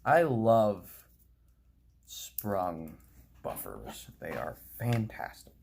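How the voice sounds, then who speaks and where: A young man with a lowish, gravelly voice narrates his hobby work casually. His pitch swings widely as he chats playfully to himself and the model. On fiddly steps he drops to a quiet whisper. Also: wildly swooping pitch, drawn-out words.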